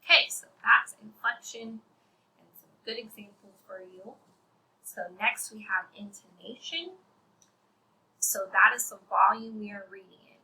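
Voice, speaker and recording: A young woman teaching children a reading lesson, friendly and breathy, often near a whisper as she demonstrates different reading voices. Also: medium pitch, normal speed, bright, forceful tone, low-quality recording.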